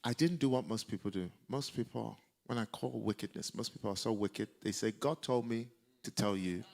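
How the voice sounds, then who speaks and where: A man preaching a sermon, telling a personal story in an animated way and breaking into shouted exhortations. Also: fairly low pitch, creaky. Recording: live church service.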